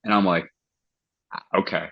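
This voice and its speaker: Husky low-voiced man, casual chat. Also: fairly even intonation, a little slow, muffled recording. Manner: loose and profane, acts out quoted dialogue. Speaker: guest singer of a metal band.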